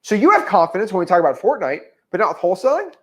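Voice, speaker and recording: A man in his twenties who coaches real estate in casual teaching talk and acts out conversations in an animated way. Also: high voice, racing.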